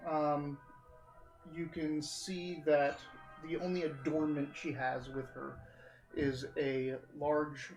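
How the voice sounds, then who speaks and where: A man running a live tabletop game as game master, describing scenes and often pausing on "uh" while he recalls names. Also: fairly high pitch, flat delivery, faint music behind, poor audio.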